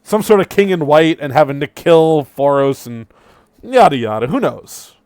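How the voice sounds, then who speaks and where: A man narrating a tabletop game as game master, playful and animated. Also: on the high side, moderate pace, no room sound.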